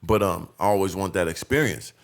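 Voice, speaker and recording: A man telling a long street story on a casual podcast, animated and profane. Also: low-pitched, fairly quick, vocal fry. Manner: profane, animated, acts out voices in his stories. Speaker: podcast guest.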